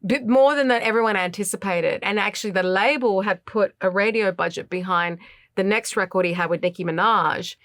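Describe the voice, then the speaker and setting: Animated woman telling a story. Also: medium pitch, a little fast, dry recording, studio quality. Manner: animated storyteller, acts out voices, laughs often. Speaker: singer-songwriter guest. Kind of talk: casual interview storytelling.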